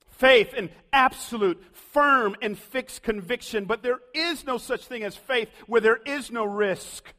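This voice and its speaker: Pastor preaching, really high voice, big hall echo, goes loud then real quiet. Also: male voice, unhurried, hardly any pauses. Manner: dramatic, swings from loud to hushed. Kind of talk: sermon. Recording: long hall reverb.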